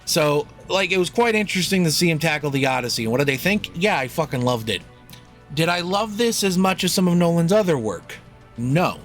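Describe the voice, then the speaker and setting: A young man holds forth on a casual podcast, rambling and swearing freely as he jokes his way through a film review. His voice sits a touch high for a man, and faint music hums underneath. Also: lively intonation, a little fast, a bit bright. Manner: rambling, profane, jokey. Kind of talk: casual chat.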